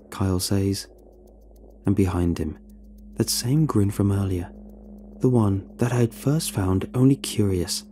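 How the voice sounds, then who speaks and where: A man reading a horror story aloud in a measured, dramatic narration style, with faint music behind him. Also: low voice, mellow.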